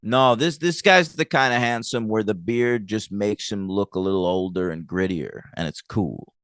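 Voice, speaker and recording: Low-voiced man explaining on a podcast. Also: normal speed, clean tone, no room sound, studio quality. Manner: relaxed, explaining, laughs often. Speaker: podcast co-host. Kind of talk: casual chat.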